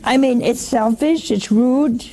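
A woman's voice: fairly high pitch, slow pace, dark tone. A woman giving a chatty sermon, teasing her listeners with rhetorical questions and humor. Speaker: religious teacher. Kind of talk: conversational sermon.

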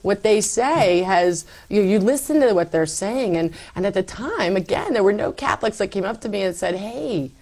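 A middle-aged woman giving a personal testimony in conversation, animated, acting out quoted lines. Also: mid-range voice, moderate pace, hardly any pauses. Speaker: guest telling her faith story.

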